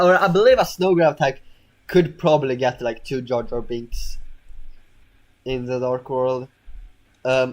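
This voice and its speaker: Man commentating his own gameplay, halting, restarts sentences constantly, mid pitch. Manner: rambling, hesitant, stammers and restarts often. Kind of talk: casual let's-play commentary.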